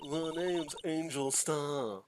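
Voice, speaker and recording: A man's voice: a little high, slow, slight background noise. A man voicing a smug female lunch seller from a video game, speaking in a nasal, put-on British accent in a posh, teasing manner. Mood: sultry smug.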